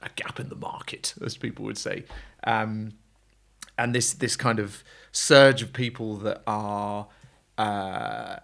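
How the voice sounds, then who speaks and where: A man's voice: on the low side, fairly even intonation, takes it slowly, vocal fry, fairly bright tone. A man from England, a guest on a podcast, chatting casually and self-deprecatingly about his work. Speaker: podcast guest, agency founder. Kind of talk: casual chat.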